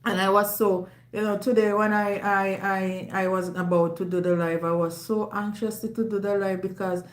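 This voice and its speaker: A Jamaican woman hosting a live stream, talking in a loud, emphatic, forthright way. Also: mid-range voice, little pitch movement, normal speed. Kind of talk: casual live-stream chat. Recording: roomy echo.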